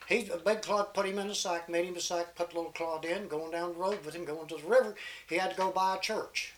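A man's voice: high voice, steady tone, a little fast, a little hiss or hum. An older man telling folk tales and tall tales in a rambling, folksy way. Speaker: storyteller.

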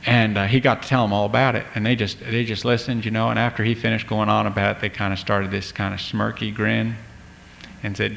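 A man's voice: mid-range voice, fairly even intonation, brisk, vocal fry, fairly bright tone. A man telling a folk tale in a folksy, drawling way, talking to the listener. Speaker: storyteller.

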